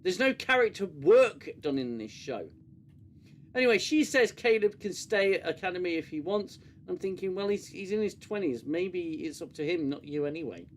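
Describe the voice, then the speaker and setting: A man's voice: high voice, expressive, moderate pace, a little hiss or hum. A British man hosting a live review stream, ranting sarcastically and swearing freely. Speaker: show host.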